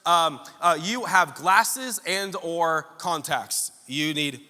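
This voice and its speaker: A man's voice: a little high, animated, takes it slowly, sharp tone. A male pastor preaching a sermon to his congregation, telling funny stories and teasing the room. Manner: joking, storytelling preacher addressing congregation. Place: church service hall with congregation. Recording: long hall reverb.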